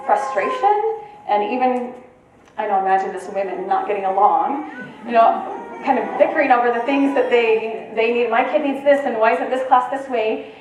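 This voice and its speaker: A woman with a fairly high voice gives a conversational presentation to a live audience, often checking in with her listeners. Her voice bounces around a very echoey meeting room. She sounds a little far from the mic, with a faint hum of ambience behind her. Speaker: conference presenter. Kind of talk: informal talk to a live audience.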